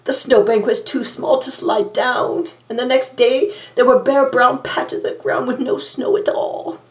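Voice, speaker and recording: As a vain, glamorous villainess, a woman reads a storybook aloud with campy, theatrical self-admiration. Her voice is high and steady, a little slow. It's recorded from a distance in a roomy space.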